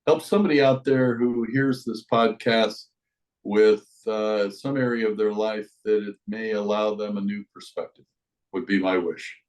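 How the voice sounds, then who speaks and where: A man's voice: on the low side, steady tone, normal speed, darkish tone, rough recording. Reflective American man, a life coach. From United States. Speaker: life coach, podcast guest. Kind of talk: conversational podcast interview.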